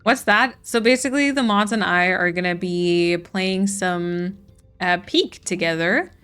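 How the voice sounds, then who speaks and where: A woman's voice: on the low side, unhurried, a bit bright, clean tone. Chatty woman streamer over faint game music. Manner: chatty, reads and answers chat while playing. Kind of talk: casual gaming livestream chat.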